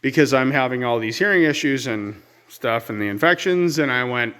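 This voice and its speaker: A man's voice: medium pitch, lively intonation, moderate pace, a bit bright, clear, resonant tone. A man from Ontario, telling a rambling, exasperated story in a casual outdoor vlog on his rural homestead. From Ontario, Canada. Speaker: vlogger.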